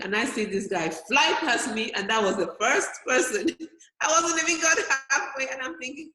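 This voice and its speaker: With a fairly high pitch and a sharp tone, she speaks at normal speed but stays animated. She's an early-50s physician and weight loss guest who tells stories energetically in an interview, acting out her inner voice, recorded with a roomy echo.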